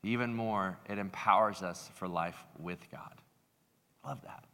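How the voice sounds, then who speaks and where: A man delivers a sermon with a bright, forceful voice that carries. The sound rings with the long reverb of a large hall. He talks in a lively, conversational way and slips into other people's voices when telling a story. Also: sits low, unhurried, smooth. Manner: animated, acts out voices in stories. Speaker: pastor.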